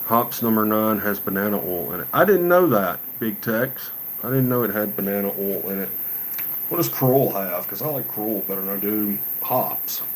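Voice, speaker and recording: A man who runs a gunsmith shop, chatting in a relaxed, folksy, rambling way on a casual livestream. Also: lowish voice, normal speed, slight background noise, poor audio.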